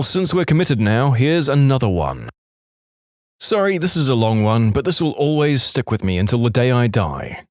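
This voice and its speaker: A man reading internet stories aloud in an expressive, playful storytelling manner. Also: medium pitch, dry recording, studio quality. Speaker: story narrator.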